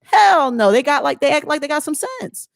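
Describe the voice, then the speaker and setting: A woman's voice: high-pitched, sing-song, a little fast. Blunt woman vlogger, emphatic. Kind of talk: casual motivational talk.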